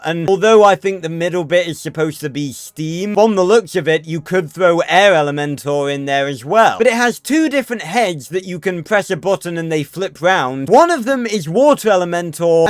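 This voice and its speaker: Male host, casual opinionated chat, high clean tone. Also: clear, resonant tone, dry recording, clean studio sound. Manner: chatty, opinionated. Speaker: video host. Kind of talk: casual video commentary.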